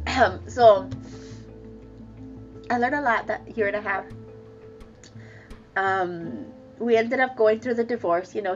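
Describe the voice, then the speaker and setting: Candid high-voiced woman telling her story. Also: lo-fi sound. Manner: emotional, laughs between sentences, halting restarts. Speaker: guest sharing a personal story. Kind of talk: candid personal testimony.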